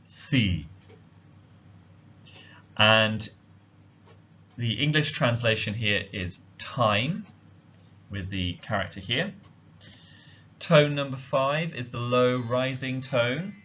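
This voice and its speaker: A man giving a slide-based language lesson, explaining slowly and carefully with frequent ums. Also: medium pitch, pushed and bright. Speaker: language teacher. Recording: dull lo-fi audio.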